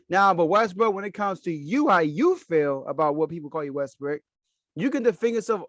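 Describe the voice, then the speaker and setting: A man with a high-pitched voice delivers solo sports commentary as a podcast host. He talks emphatically, hammering his points by repeating them. The recording is dry and close, with no room sound. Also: lively intonation, brisk, a bit bright, no echo. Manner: emphatic, repeats key phrases.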